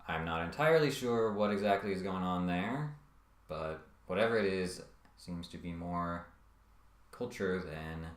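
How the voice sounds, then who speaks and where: Male commentator, deep voice, halting and wry, roomy sound. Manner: hesitant, many ums and uhs, wry asides. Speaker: video essayist. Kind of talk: casual scripted commentary.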